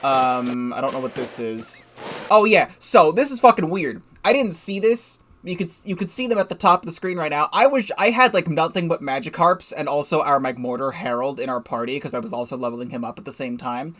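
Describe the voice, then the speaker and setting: A man's voice: a little high, animated, fairly quick, a bit bright. A young man giving casual, rambling game commentary from his desk, swearing freely and laughing at himself. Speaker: let's play gamer.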